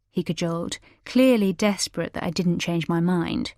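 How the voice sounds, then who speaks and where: A woman narrating a suspense audiobook in the first person, measured and quietly scornful. Her voice is lower than most women's voices. The recording is close and dry, with no room echo. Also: steady tone.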